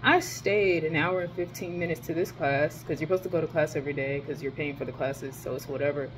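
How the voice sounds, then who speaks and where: A young woman, a college student, telling a story in a casual ranting vlog, animated and swearing freely. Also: low-pitched, a little fast, a little hiss or hum. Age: young adult. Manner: animated, profane, emphatic storytelling.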